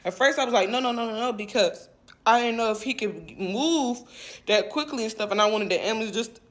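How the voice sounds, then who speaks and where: A woman's voice: fairly high pitch, brisk. A young woman telling her own painful story in casual, emotional talk, rambling and repeating herself with many fillers.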